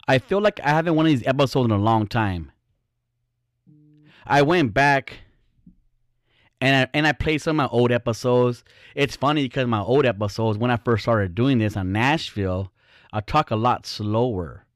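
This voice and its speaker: A man's voice: mid-range voice, expressive, normal speed, dry recording, studio quality. Blunt, profane man ranting on his podcast. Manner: blunt and profane, rambling with restarts. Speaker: podcast host. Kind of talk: casual solo podcast rant.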